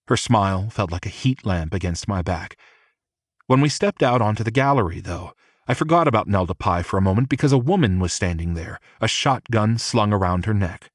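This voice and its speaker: A man narrating a first-person audiobook in a measured, steady reading. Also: on the low side, dry recording, clean studio sound.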